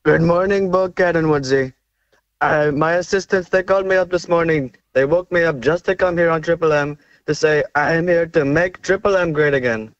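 A boastful male politician with a put-on South Asian accent, as a teenage boy does him over the phone. The voice sits a little high and comes through dull and lo-fi. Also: moderate pace, no echo, lightly acted. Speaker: caller. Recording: dull phone line from a car.

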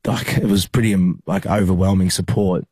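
Deep flat-voiced Australian man. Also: slightly rough, no room sound, studio quality. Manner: halting, many fillers and restarts. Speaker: rugby league player. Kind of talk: emotional interview recollection.

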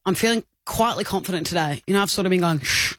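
A woman's voice: fairly low pitch, no echo. A woman co-hosting a radio show, chiming in with playful teasing. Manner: playful, quick teasing interjections. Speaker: radio co-host. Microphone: studio microphone.

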